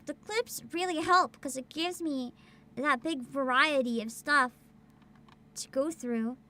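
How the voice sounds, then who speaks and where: A woman's voice: sits high, slow pace, bright, forceful tone. A woman streamer chatting casually and rambling, laughing often as she talks. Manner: giggly, rambling, frequent laughter. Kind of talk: casual livestream chat.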